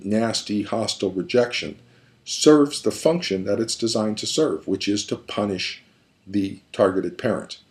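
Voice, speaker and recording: A male therapist talks through a problem in a lecture. His voice sits fairly low. He hammers his points home with repeated phrases. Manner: emphatic, repetitive, building points step by step. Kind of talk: explanatory lecture.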